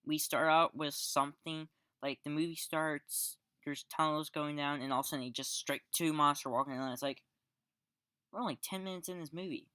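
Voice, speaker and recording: A man's voice: fairly high pitch, steady tone, brisk, sharp tone, smooth, no room sound, clean studio sound. A man giving a casual spoken film review, rambling with restarts and fillers and sarcastic, exasperated asides. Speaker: movie reviewer.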